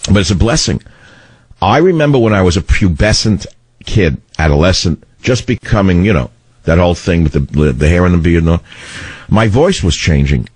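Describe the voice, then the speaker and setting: A middle-aged man with a baritone voice, hosting a talk radio show in a combative, rambling way. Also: expressive, moderate pace, darkish tone, husky, no room sound. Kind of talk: opinionated talk radio monologue. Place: radio studio. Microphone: studio microphone.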